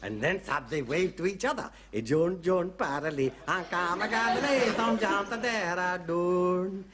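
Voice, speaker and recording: An eager Indian bearer with a high, lively voice. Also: male voice, fairly quick. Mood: theatrical. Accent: Indian English. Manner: theatrical, coaxing, broken English. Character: chatty older male Indian bearer, eager. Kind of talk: 1970s sitcom acting.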